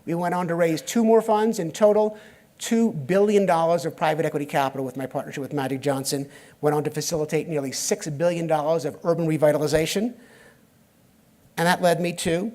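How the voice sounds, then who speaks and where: A man's voice: fairly high pitch, steady tone, brisk, pauses often, a little mellow. Wry middle-aged man giving a keynote. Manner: storytelling with acted dialogue, wry asides. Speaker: keynote speaker. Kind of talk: conference talk. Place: conference stage before a live audience.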